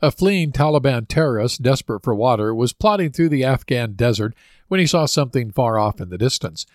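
A man's voice: medium pitch, lively intonation, fairly quick, dry recording, clean studio sound. A man hosting a chat show, telling jokes in an easygoing, folksy way. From American Midwest. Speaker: host.

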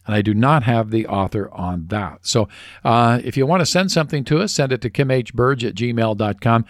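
Man, radio co-host, easygoing banter, mid-pitched voice, dry studio sound. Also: moderate pace, no echo. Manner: easygoing, good-humored banter. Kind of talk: casual chat.

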